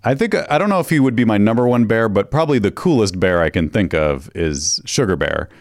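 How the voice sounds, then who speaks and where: A man co-hosting a casual comedy podcast, relaxed and hesitant, with many pauses and fillers. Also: fairly low pitch, no room sound, clean studio sound. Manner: laid-back, hesitant, full of uh's. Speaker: podcast co-host.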